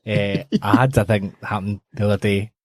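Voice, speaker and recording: A man's voice: lowish voice, little pitch movement, moderate pace, no room sound. Male co-host, sheepish hesitant storyteller, dry close mic. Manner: self-deprecating, hesitant storyteller. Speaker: podcast co-host. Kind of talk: casual comedic chat.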